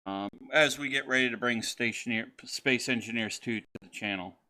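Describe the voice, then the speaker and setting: A man's voice: mid-range voice, normal speed, very noisy. A man hosting a let's-play video, talking casually and rambling with lots of fillers and restarts as he sets up a game. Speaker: gaming channel host.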